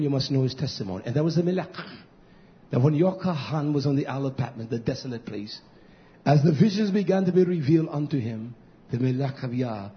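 A male pastor delivering a sermon in an emphatic, repetitive cadence, swinging between shouting and hushed near-whispers. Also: medium pitch. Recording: dull lo-fi recording.

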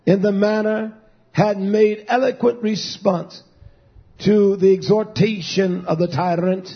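A man preaching an impassioned sermon, drawing words out and rising to shouts. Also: high voice, husky, muffled recording. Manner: slow, drawn-out emphasis.

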